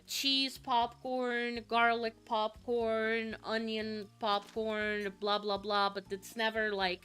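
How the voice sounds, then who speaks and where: A woman's voice: mid-range voice, fairly bright tone, clean tone. A young woman from Finland chatting casually while streaming a game, rambling with lots of fillers and a slight sniffle. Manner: rambling, chatty, with frequent fillers and sudden swearing. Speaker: vtuber streamer. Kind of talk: casual gaming stream chat.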